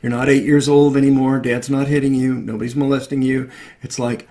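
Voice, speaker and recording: A man, a past life regression therapist, giving gentle coaching advice in a casual live stream chat. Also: mid-range voice, little pitch movement, a little fast. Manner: gentle, coaching, acts out parent and child talk.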